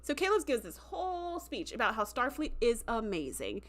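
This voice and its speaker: A woman's voice: a little high, sing-song, normal speed, fairly bright tone. A woman hosting a livestream, chatting casually through an episode recap with lots of fillers and acted-out quotes. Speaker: show host.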